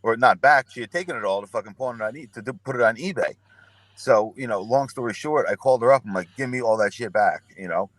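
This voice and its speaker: A man's voice: medium pitch, quick pace, no room sound. A young man telling rambling, profane stories and acting out what people said. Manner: profane, rambling anecdotes with acted-out quotes. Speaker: podcast guest. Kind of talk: casual storytelling.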